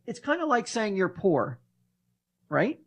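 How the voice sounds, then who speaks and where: A man casually telling a story on a podcast, animated and profane, acting out the voices in his quotes. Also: sits high, slow pace.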